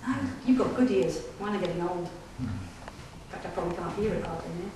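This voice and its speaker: A woman's voice: lowish voice, fast talker, a little mellow. Woman, paranormal investigator, chatty storyteller who keeps checking in with the crowd; recorded from a distance in a very echoey room. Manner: chatty, checks in with listeners, laughs often. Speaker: paranormal investigator giving a public talk. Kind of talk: casual storytelling talk to an audience. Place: display day inside an old gaol. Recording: echoey room heard from afar, faint hiss.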